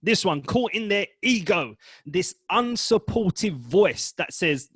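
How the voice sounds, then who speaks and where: A man coaching professional advisors on public speaking, talking to the camera in an energetic, emphatic and blunt way. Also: high-pitched, slow, slightly rough, dry recording. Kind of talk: direct-to-camera coaching talk.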